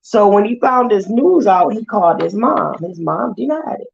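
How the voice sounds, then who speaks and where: A woman vlogger, casually retelling a story with lively quoted voices. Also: mid-range voice, moderate pace, vocal fry, lo-fi sound.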